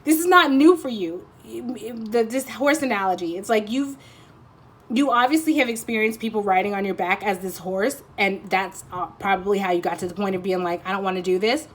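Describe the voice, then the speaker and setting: A woman's voice: mid-range voice, normal speed. Chatty woman giving a tarot reading. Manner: chatty and rambling, laughs often, many fillers. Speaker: tarot reader. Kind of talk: casual intuitive card reading.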